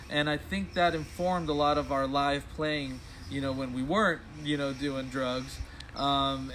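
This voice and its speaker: A man's voice: medium pitch, a bit bright, a little hiss or hum. A man who is a studio musician and producer, talking in a laid-back, rambling way in a casual interview.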